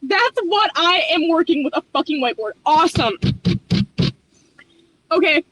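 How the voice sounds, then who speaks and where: A young woman working as a restaurant hostess, ranting fast and profanely in an exasperated storytime vlog. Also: extremely high pitch, lively intonation, fairly bright tone, poor audio.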